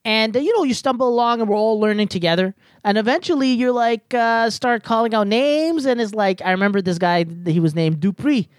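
A man's voice: high voice, a little fast, hardly any pauses, no echo. A man in a casual gaming chat, explaining things at length with lots of "like" and "you know.".

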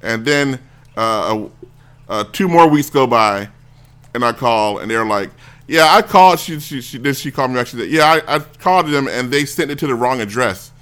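A man's voice: medium pitch, normal speed, fairly bright tone, clean tone. A man hosting a talk show, telling a rambling story casually and acting out the people he quotes. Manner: rambling, self-interrupting, acts out quoted voices. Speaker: show host.

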